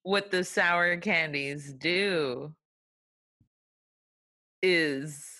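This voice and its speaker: Low bright voiced woman, talks super slow, giggly, just chatting. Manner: slow, giggly, riffing on silly story ideas. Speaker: podcast co-host. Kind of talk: casual chat.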